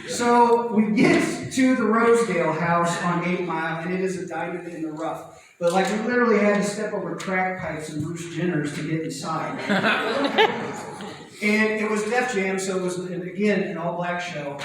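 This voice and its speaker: High-voiced comic in an echoing theater. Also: male voice. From Indiana, USA. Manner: quick, conversational storytelling. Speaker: stand-up comedian. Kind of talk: stand-up set. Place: large theater stage. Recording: echoey theater, far from mic, noisy.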